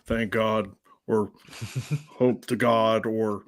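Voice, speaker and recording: A man co-hosting a casual podcast, loud and exuberant in his banter. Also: lowish voice, steady tone, drawn-out words. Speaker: podcast co-host. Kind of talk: casual chat.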